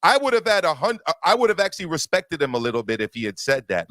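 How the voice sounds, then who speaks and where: A man's voice: a little high, very animated, fast talker, few pauses, a bit bright, dry recording. A man hosting a boxing talk show, arguing emphatically and repeating words as he builds his point. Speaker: boxing podcast host. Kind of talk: opinionated casual discussion.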